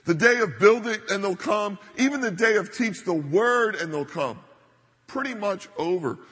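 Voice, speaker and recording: A man's voice: high-pitched, fairly bright tone, husky. A middle-aged man preaching a sermon as a pastor, speaking emphatically and leaning hard on his key points. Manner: emphatic, building to stressed points. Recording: reverberant church hall.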